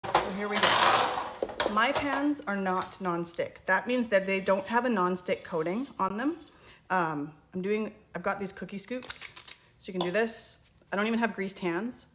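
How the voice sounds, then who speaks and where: A woman's voice: medium pitch, normal speed, noisy background. A woman teaching a cookie recipe in real time, chatting and reassuring viewers as she mixes and scoops in her home kitchen. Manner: chatty, reassuring, talks while working. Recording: kitchen clatter of dishes and utensils.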